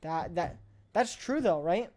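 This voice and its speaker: A woman's voice: on the low side, animated, measured pace, mellow. Blunt, emphatic woman streamer. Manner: emphatic, playfully blunt, repeats points. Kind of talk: casual live-stream chat.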